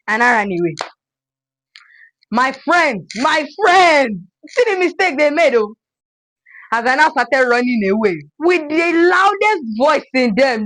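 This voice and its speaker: Young Nigerian woman, high voice, animated storytime vlogger. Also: unhurried, pauses often, dry recording, poor audio. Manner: animated, dramatic storyteller acting out scenes. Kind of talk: storytime vlog.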